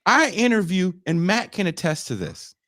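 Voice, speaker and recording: A young man co-hosting a podcast, telling stories in crude, animated banter and slipping into put-on voices. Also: high-pitched, normal speed, dry recording, studio quality. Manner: animated, profane storytelling with laughter and put-on voices. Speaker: podcast co-host.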